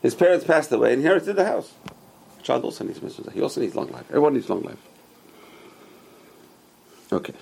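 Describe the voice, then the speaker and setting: A man of middling pitch with a gravelly, husky voice lectures on scripture. He hammers his points by repeating key phrases. He pushes his pitch up sharply on emphasis and sinks quiet on asides. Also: big pitch swings, a little fast, pauses often. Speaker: religious teacher. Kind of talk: Torah class lecture.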